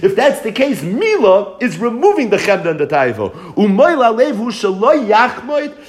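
A man teaching a Torah class, asking and answering his own questions and chanting quoted texts in a slow singsong. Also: high-pitched, sing-song, slight background noise.

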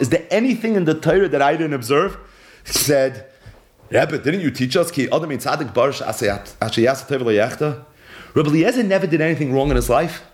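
A man giving a Talmud lesson in English, mixing in Hebrew and Yiddish terms and telling the story with animated swings of voice. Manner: animated, swings between high and low when telling the story. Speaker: Talmud teacher. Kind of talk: Talmud lecture.

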